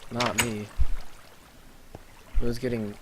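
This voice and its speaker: A man's voice: medium pitch, little pitch movement, slow, noisy background. A young man casually narrating an online roleplay session, reading the chat aloud with hesitant fillers. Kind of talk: casual let's play narration.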